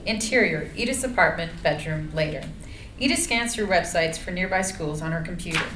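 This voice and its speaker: A woman's voice: fairly low pitch, fairly quick. Woman reading screenplay directions. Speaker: narrator. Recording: echoey room, faint noise.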